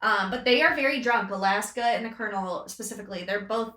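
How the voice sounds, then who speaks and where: A woman's voice: medium pitch, fast, echoey room. A woman co-hosting a book podcast, retelling the plot expressively in casual chat. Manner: expressive storyteller, retelling plot with acted quotes. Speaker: podcast co-host.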